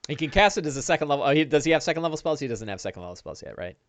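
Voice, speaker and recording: A man narrating a one-on-one tabletop game as dungeon master, animated, with quick bursts and restarts. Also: fairly high pitch, no room sound.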